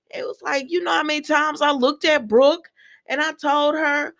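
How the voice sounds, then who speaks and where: A woman giving a casual, animated recap of a soap opera, speaking straight to her viewers with slangy asides. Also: sits high, moderate pace, creaky.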